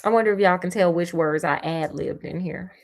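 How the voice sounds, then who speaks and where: A woman's voice: fairly low pitch, brisk. Sassy woman reading a fairy tale aloud. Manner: sassy, slangy, playful commentary between passages. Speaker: storyteller.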